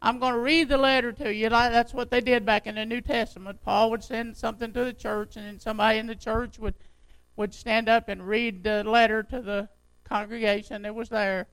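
An older man preaching a sermon to his church in a folksy, conversational way, his voice unsteady and jumping in pitch. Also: level tone, a little fast, a bit bright, clean tone, no room sound, poor audio. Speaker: pastor.

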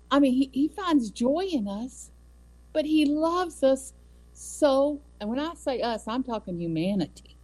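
A woman speaks slowly and deliberately as she teaches from the Bible. Her delivery is earnest and measured, and she drives her points home by repeating them. Her voice sits at a middle pitch. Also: dark tone, poor audio. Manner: earnest, measured, emphatic repetition. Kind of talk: devotional teaching.

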